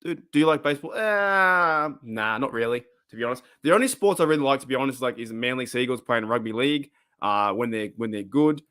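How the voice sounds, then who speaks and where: A man's voice: medium pitch, animated, a little fast, few pauses, fairly bright tone. A man with an Australian accent hosting a casual live stream, rambling, repeating himself and laughing often.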